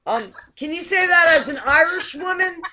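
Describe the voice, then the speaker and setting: A woman's voice: very high voice, expressive, moderate pace, background noise. A woman hosting a casual online talk show over a video call, chatty and hesitant, often repeating words. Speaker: host.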